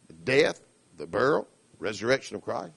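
A Southern American man preaching a radio sermon. He is impassioned, rises to shouts and acts out his listeners' objections. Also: mid-range voice, big pitch swings, normal speed, creaky, husky. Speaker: pastor.

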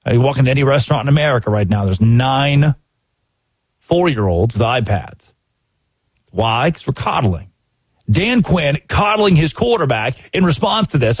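Male sports talk host, husky and a bit high, swinging pitch a lot, opinionated and exasperated, dry close-mic studio sound. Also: fairly quick, no echo. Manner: animated, exasperated, acts out quotes.

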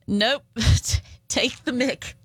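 A woman's voice: a little high, extremely slow, pushed and bright, husky, dry recording. A woman with an Appalachian accent co-hosting a casual podcast chat, giggling often as she reads out phrases. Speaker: podcast co-host.

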